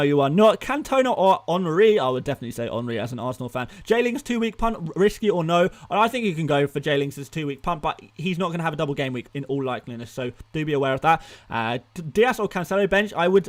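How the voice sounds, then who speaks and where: A young man answers viewer questions on a live stream at a quick clip, often tripping over and repeating words as he rushes through them. His voice sits a touch higher than most men's. He keeps things chatty and informal, talking straight to his chat. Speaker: fantasy football streamer.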